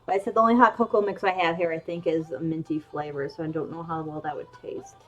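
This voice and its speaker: Chatty low-voiced woman streamer, rambling. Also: fairly even intonation, fast talker, dull audio, faint music behind. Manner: rambling, with frequent ums and restarts. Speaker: streamer drawing emotes. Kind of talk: casual chat while drawing.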